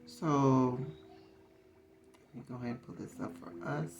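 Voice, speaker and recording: A woman's voice: extremely low pitch, steady tone, a little slow. A woman reading tarot in a casual, conversational way, repeating phrases for emphasis. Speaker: tarot reader. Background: soft guitar music.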